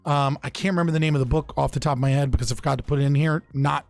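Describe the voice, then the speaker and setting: Gravelly man talking history, casual. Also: on the high side, steady tone, rapid-fire, dry recording, soft background music. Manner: loose and profane, with frequent restarts and fillers. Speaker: podcast speaker. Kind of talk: casual political history talk.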